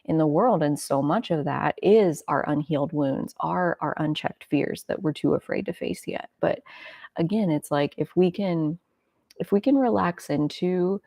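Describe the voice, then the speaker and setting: A woman's voice: low-pitched, measured pace, creaky, warm tone, no echo, clean studio sound. A woman hosting a casual spiritual self-help talk, reflective and rambling, with many filler words. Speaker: host.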